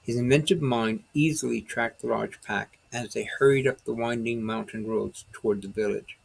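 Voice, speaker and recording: A man narrating his own novel as an audiobook, in steady dramatic storytelling. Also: medium pitch, moderate pace, gravelly, a little hiss or hum, low-quality recording.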